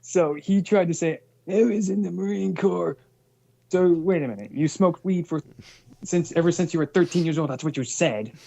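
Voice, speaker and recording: A man's voice: on the high side, moderate pace, mellow. A male co-host trades crude, mocking jabs on a heated livestream show. His sound is slightly muffled and lo-fi.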